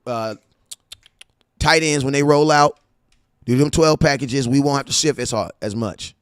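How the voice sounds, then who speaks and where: A man hosting a casual sports fan show, talking in an animated, slangy way with stories and asides. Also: medium pitch, measured pace, clear, resonant tone, dry recording, studio quality. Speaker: sports podcast host.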